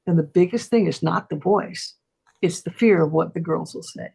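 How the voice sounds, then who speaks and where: Gravelly, husky woman telling an animated story. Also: normal speed. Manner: animated, acts out quoted voices with big pitch jumps. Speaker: voice teacher. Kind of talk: casual storytelling on a talk stream.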